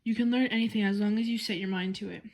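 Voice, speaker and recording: Calm encouraging storybook dad, read by a lady, patient and steady. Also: mid-range voice, quick pace, close to an everyday voice. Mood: reassuring. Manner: calm, reassuring.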